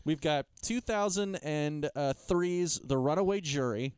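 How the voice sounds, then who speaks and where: Man, podcast co-host, casual comedic chat, slightly high voice, laughs often. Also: measured pace, darkish tone, clean tone, no room sound, clean studio sound.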